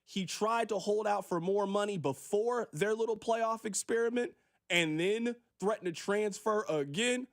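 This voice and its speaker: On a studio microphone, a sports radio host with a high, creaky voice delivers an emphatic, preachy opinion monologue, briefly acting out quick voices.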